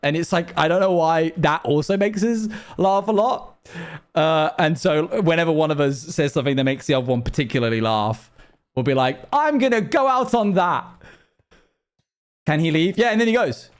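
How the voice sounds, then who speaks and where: A man's voice: fairly high pitch, lively intonation, a little fast, clear, resonant tone. Chatty rambling male game streamer. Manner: rambling, chatty, talks to viewers. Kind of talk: casual live-stream chat while gaming.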